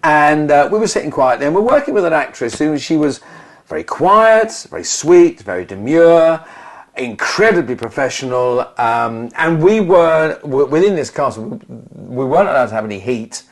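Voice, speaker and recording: A man co-hosting a casual podcast, telling anecdotes in an animated way with frequent restarts. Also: fairly high pitch, moderate pace. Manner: animated storyteller, many restarts. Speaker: podcast co-host, actor.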